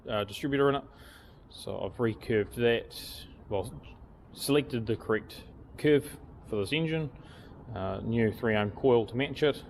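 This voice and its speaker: A man with a croaky voice from a cold, talking plainly and methodically through car repairs in a casual workshop vlog. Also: mid-range voice, slight background noise. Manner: plain, methodical technical talk with fillers. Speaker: mechanic and channel host.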